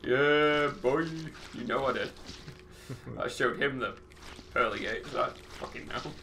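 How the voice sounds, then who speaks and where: A man's voice: medium pitch, moderate pace, vocal fry, background noise. A young Englishman, telling a story over gameplay, laughing often. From England. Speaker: gaming podcast co-host. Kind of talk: casual banter over gameplay.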